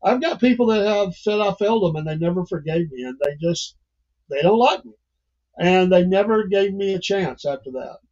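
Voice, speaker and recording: A man's voice: sits high, lively intonation, moderate pace, a little mellow, dull audio. Chuckling older man hosting a livestream. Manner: rambling, folksy, chuckling often. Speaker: livestream host. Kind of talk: casual livestream monologue.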